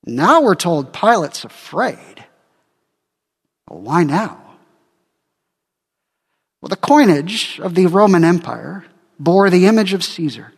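A man's voice: sits high, sing-song, slow pace, creaky, pauses often, husky, in a large hall. A male pastor preaching a sermon dramatically, acting out the quoted speakers.

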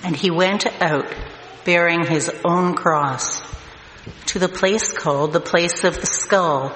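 A man reading scripture aloud as narration, slow and deliberate. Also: fairly high pitch, sharp tone. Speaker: scripture reader. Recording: echoey hall, long reverb, faint noise.

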